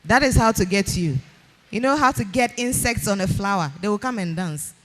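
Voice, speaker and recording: A woman's voice: medium pitch, animated, fairly quick. A woman with a Ghanaian accent hosting a live event, energetically coaxing people from the audience to come up, repeating her calls again and again. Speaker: event host. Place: live event hall with music playing. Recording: faint background music.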